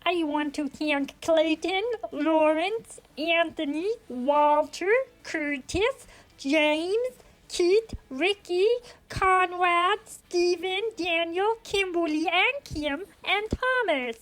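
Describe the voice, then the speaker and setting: Woman voicing a squeaky male character, very high, drags each word out in a fake american accent. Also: fairly bright tone, heavily acted, poor audio. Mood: self-conscious. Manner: slow, drawn-out attempt at an American accent. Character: male character named Chewy, squeaky, slow and awkward.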